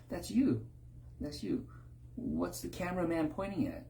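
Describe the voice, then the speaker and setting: A man's voice: fairly high pitch, sing-song, unhurried, vocal fry, mellow. A man giving an informal sermon, often tagging his points with a rhetorical question. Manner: rhetorical, keeps asking "right?". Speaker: preacher.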